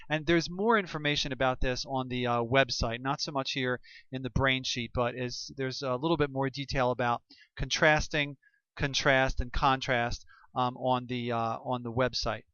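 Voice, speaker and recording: A man giving a casual lesson, explaining slowly with many fillers, restarts and repeated words. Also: medium pitch, a bit bright, clean tone, dry recording, lo-fi sound. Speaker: teacher.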